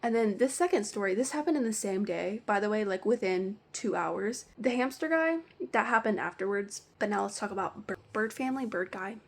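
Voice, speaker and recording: A woman vlogger telling a ranting storytime about her work, animated and full of "like". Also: medium pitch, a little fast, gravelly, few pauses. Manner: animated, heavy use of "like". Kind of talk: storytime rant.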